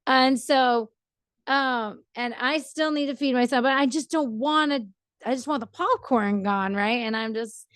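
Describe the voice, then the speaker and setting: A woman's voice: high voice, measured pace, a bit bright, smooth, no room sound. Chatty woman vlogger, dry sound. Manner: chatty, rambling, frequent "right?" tags. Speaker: vlogger giving relationship advice. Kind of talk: casual advice monologue.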